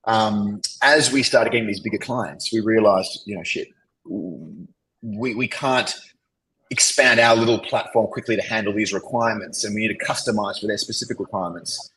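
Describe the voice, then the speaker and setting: A low-voiced Australian man telling a long story as a podcast guest. He rambles through his anecdotes, padding nearly every phrase with "you know" and "like". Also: normal speed, fairly bright tone, a little hiss or hum, rough recording. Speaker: podcast guest, agency founder. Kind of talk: casual interview storytelling.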